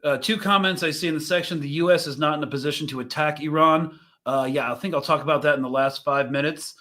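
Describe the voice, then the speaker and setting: A young man hosts a live stream and talks over news clips in a loose, rambling way. His voice sits a little high for a man, and he thinks out loud, trailing off and starting sentences again. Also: steady tone, fast. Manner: rambling, thinks aloud with fillers and restarts. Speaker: host reacting to news clips. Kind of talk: casual live commentary.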